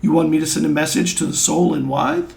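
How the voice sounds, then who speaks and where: Steady, gentle caretaker played by a man, gravelly and reassuring. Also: on the high side, brisk, exaggerated voice.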